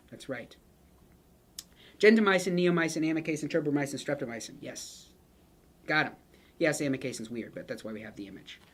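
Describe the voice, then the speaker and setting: Lively, chatty nursing instructor. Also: mid-range voice. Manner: chatty and joking, with playful asides to students. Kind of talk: casual lecture with picture mnemonics.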